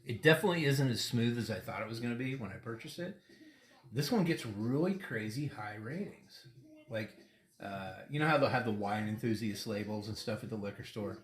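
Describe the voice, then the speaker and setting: A middle-aged man with a somewhat low voice chats casually as a podcast host, rambling from one thought to the next and laughing often. His voice rings in an echoey room. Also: lively intonation, a little fast. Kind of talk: casual chat over a tequila tasting.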